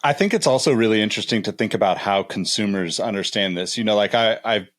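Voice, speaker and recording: A man's voice: on the low side, fast talker, fairly bright tone. A man co-hosting a podcast, explaining things in a casual way with many fillers. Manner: explanatory, lots of "you know". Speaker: podcast co-host.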